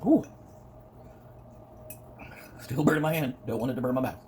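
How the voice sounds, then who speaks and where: A man's voice: medium pitch, normal speed, darkish tone, a little hiss or hum. Playful man chatting while eating. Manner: playful, sings and hums between bites. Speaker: mukbang vlogger. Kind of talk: casual eating vlog talk.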